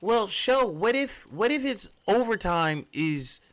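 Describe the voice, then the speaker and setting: A man's voice: high voice, animated, takes it slowly, fairly bright tone, dry recording, pitched above the performer's own voice, full character voice. A man voicing an imagined viewer who keeps asking hesitant questions about the rules. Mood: questioning. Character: curious adult male viewer pestering with questions.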